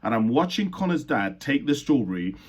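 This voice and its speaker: A man's voice: mid-range voice, very animated, fairly quick, slightly rough. A young man born in Uganda telling a personal story in an earnest, reflective way, often stopping to correct himself mid-sentence. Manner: earnest, reflective, with frequent restarts and self-corrections. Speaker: speaker sharing his life story.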